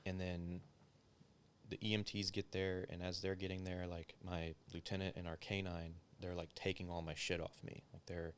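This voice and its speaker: A man's voice: low voice, flat delivery, normal speed, a little hiss or hum. A man, a former police officer, recounting a story in a casual interview, swearing often and filling his speech with "like". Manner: profane, filler-heavy storytelling.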